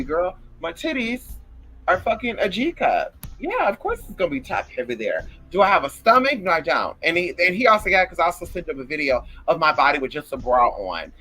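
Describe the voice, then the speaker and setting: A woman ranting casually and profanely to her viewers, brash and animated, calling them girl. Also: sits low, husky, rough recording. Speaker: vlogger. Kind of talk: casual rant to camera.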